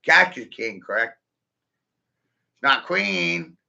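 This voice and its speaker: Gravelly profane man rhyming off-the-cuff. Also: mid-range voice, sing-song, slow pace, bright, forceful tone. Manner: rhyming wordplay, laughs at own jokes, swears often. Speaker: vlogger. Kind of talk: rambling profane monologue. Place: in his vehicle. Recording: dull lo-fi sound.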